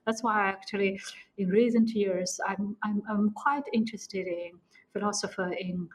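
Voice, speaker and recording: A middle-aged woman with a Chinese accent, an architect answering interview questions in halting non-native English. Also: mid-range voice, steady tone, rough recording.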